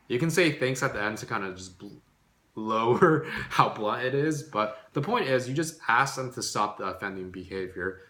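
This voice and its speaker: A man's voice: lowish voice, pushed and bright. A young man hosting a casual self-help video, talking in an informal way and cursing now and then in his examples. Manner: informal, swears when acting out examples. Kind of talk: casual advice talk. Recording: echoey room.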